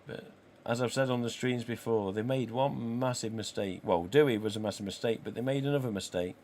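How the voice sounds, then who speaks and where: With a darkish, medium-pitched voice that moves fairly quickly, this Englishman in his forties chats on a casual live stream. He swears freely and performs the lines he quotes, and there's slight background noise.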